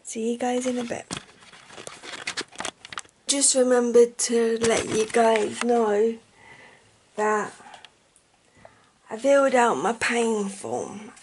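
A woman's voice: fairly high pitch, steady tone, takes it slowly, long pauses, darkish tone, slight background noise, poor audio. A woman chatting casually to camera in a vlog from her bedroom, rambling and affectionate. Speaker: vlogger. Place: bedroom at home. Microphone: handheld camera.

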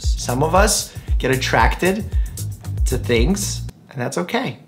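A playful young man who works as a doctor, joking and laughing through quick vlog moments. His voice leaps up and down in pitch, swinging between silly squeals and low mock-serious asides. Faint music plays in the background. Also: animated. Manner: goofy, joking, laughs often. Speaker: doctor and video host.

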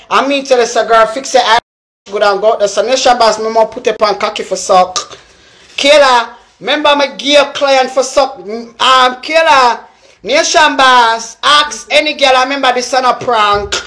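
A woman's voice: sits high, a bit bright. Ranting Jamaican woman, heated and confrontational. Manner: heated, repetitive, confrontational, calling someone out. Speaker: social media personality. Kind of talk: ranting live video.

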